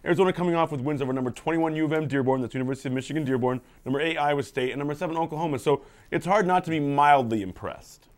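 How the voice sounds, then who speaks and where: A man's voice: a little high, racing, hardly any pauses. A man giving confident sports analysis on a student TV show, rattling off statistics.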